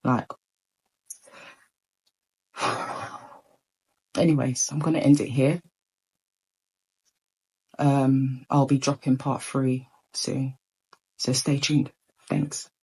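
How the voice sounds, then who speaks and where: A woman's voice: rumbling low, steady tone, very slow, pauses often, dark tone, slightly rough, poor audio. A woman telling a personal story in a casual storytime monologue, rambling with many ums and restarts.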